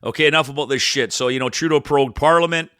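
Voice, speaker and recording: A man's voice: a little high, rapid-fire, no echo. Blunt, profane man ranting on a podcast. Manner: blunt, profane, rambling, swings loud and soft. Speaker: podcast co-host. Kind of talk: casual ranting chat.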